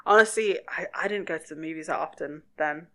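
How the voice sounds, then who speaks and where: A woman co-hosting a podcast, casually talking through a TV episode, relaxed and quick to giggle. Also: sits low. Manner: relaxed, giggly, thinks aloud. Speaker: podcast co-host. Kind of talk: casual chat about a TV episode.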